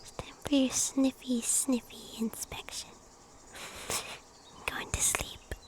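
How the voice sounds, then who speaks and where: Soft-whispering woman, whispered ASMR chat. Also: sits high, level tone, slow. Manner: soft, teasing, playful. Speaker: ASMR streamer.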